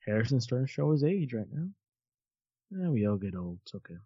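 A man co-hosting a casual movie watch-along, animated and swearing casually, quick to laugh. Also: mid-range voice, breathy edge, dry recording, dull audio. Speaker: podcast co-host.

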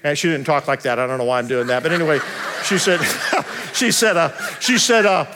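Male pastor, high-pitched voice, humorous storytelling sermon, long echo of a big church hall. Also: noisy background. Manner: storytelling, conversational and humorous, slows down to preach. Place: large church sanctuary. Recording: long reverb of a large hall.

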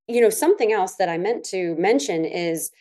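A middle-aged woman in a casual advice chat, explaining earnestly and slowing down to stress key words. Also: mid-range voice, lively intonation, mellow. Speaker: co-host.

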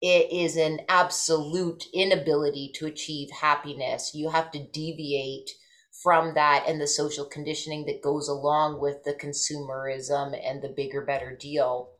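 Woman guest, casual talk; deep for a woman, thoughtful, tails off quietly. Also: flat delivery, normal speed. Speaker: podcast co-guest. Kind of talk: casual chat among friends.

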